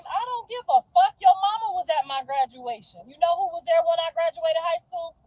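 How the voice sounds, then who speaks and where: A high-pitched woman speaks straight to her audience in a livestream rant. She talks in heated, profane bursts and circles back over the same points for emphasis. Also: dry recording, low-quality recording. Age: 50s.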